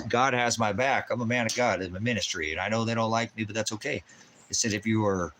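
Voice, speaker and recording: Rambling, profane channel host with a low voice and faint room noise behind him. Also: male voice, steady tone, fast talker. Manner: baby talk to his dog. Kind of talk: casual livestream chat.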